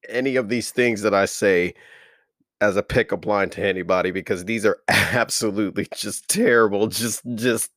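A man's voice: lowish voice, a bit bright, no room sound, studio quality. A man hosting a casual comedy podcast, loose and slangy, laughing so hard he is in tears as he talks. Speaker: podcast host.

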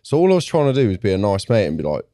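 A man with a lowish voice trading teasing banter with a friend on a podcast. He laughs easily and talks in a relaxed, casual way. The recording is close and dry. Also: racing, no room sound. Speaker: podcast guest. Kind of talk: casual chat.

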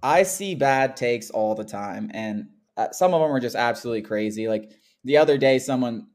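A young man on a casual sports podcast who rants in animated bursts, peppering his talk with "like" and "dude." His voice sits at an ordinary middle pitch for a man. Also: moderate pace. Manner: animated ranting, frequent "like" and "dude". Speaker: podcast co-host.

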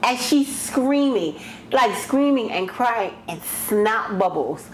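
Chatty woman cohost, lively storyteller, roomy echo and a bit of hiss. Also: a little high, takes it slowly. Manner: animated storyteller, acts out quotes. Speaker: podcast co-host. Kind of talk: casual chat. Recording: echoey room, faint noise.

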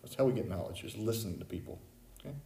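A man preaching a conversational sermon, swinging between loud emphasis and quiet asides to the congregation. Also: fairly low pitch, expressive, very fast, gravelly. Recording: echoey room.

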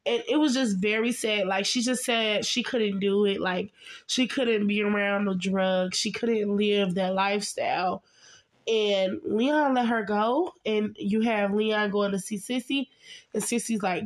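A woman's voice: medium pitch, unhurried. A young adult woman giving a casual, chatty TV recap, talking straight to her viewers in a gossipy way. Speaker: vlogger.

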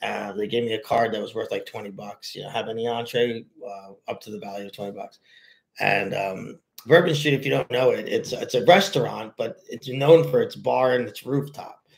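A man hosting a casual podcast, telling stories in a rambling, animated way with many fillers and restarts. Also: on the low side, moderate pace, gravelly. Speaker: podcast host. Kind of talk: casual solo podcast chat.

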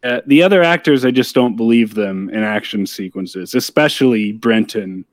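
A man's voice: on the low side, moderate pace, dry recording. A man co-hosting a podcast, giving blunt, dry criticism of a TV episode and swearing casually. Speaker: podcast co-host. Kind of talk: casual chat reviewing a TV episode.

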